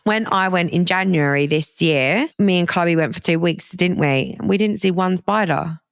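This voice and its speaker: Chatty woman in her twenties, smooth voice. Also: on the low side, no room sound, clean studio sound. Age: 20s. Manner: chatty, quick, teasing. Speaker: podcast co-host. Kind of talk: casual chat.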